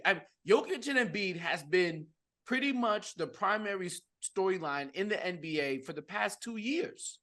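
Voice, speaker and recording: A man's voice: high-pitched, animated, moderate pace, sharp tone. A man co-hosting a sports podcast, chatting casually and hesitantly, restarting his sentences. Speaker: podcast co-host.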